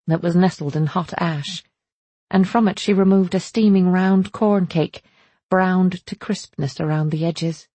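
A woman narrates a first-person story for an audiobook in a steady, measured reading. Her voice is lowish, dark and husky. The recording is dry and close. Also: no room sound.

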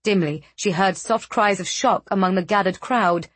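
A woman narrating a fantasy novel with measured, dramatic storytelling. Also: mid-range voice, breathy edge, no room sound. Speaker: audiobook narrator.

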